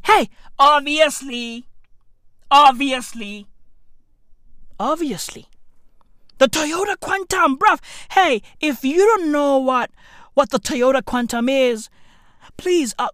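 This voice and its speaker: A woman, delivering a profane comedic rant full of slang that bursts into shouting. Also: sits high, no echo, clean studio sound. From South Africa.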